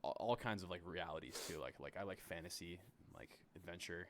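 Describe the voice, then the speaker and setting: A man's voice: sits low, fairly quick, background noise. A man in his twenties, a podcast guest, chatting in a laid-back, enthusiastic way and laughing easily. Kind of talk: casual chat.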